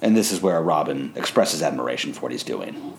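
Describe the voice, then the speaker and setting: Male podcast co-host, deep voice, dry humor, light background hiss. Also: lively intonation, a little fast, vocal fry. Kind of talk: casual recap chat.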